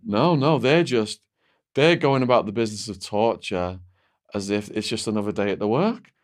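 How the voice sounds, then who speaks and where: Male guest, lowish voice, vivid storyteller who restarts his sentences and leans on "like". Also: moderate pace. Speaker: interview guest. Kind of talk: recounting a personal story.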